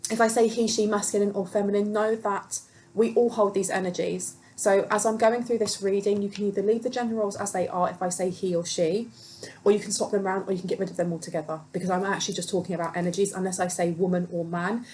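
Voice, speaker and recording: A woman's voice: medium pitch, fairly even intonation, fast talker, darkish tone, slight background noise, low-quality recording. Chatty woman giving a tarot reading. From Britain. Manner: chatty and rambling, reports channeled messages, many ums and restarts. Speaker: tarot reader. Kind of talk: casual spiritual reading to camera. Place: home room with windows open by a busy road.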